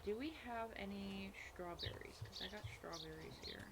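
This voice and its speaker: A woman streamer with a medium-pitched voice talks at a normal speed while playing a life-simulation game. She comments casually between bites, rambling and correcting herself, with loud game and music noise in the background.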